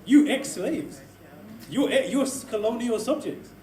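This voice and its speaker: A man giving an impassioned talk to an audience, animated, full of rhetorical questions and laughing asides. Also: extremely high pitch, a little slow, background noise. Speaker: speaker addressing an audience. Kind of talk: impassioned lecture to a live audience. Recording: echoey room, voice from a distance.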